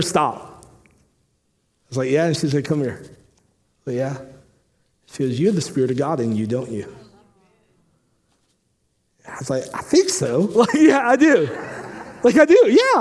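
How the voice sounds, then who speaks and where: A man preaching a sermon, telling a story with lively acted-out dialogue, then turning quiet and earnest. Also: high-pitched. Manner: animated storytelling, acting out dialogue; drops soft and quiet when earnest. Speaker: pastor. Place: church sanctuary.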